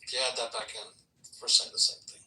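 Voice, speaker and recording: A man's voice: quick pace, sharp tone. A man in a live debate, arguing precisely over the definitions of words. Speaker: debate participant. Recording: echoey and distant with faint background noise.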